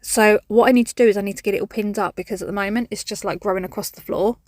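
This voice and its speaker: Brief: woman, chatty and self-mocking, mid-pitched voice, dry close sound, outdoors. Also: fairly even intonation, rapid-fire, darkish tone, dry recording. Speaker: vlogger. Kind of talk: casual vlog chat. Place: outdoors in a garden.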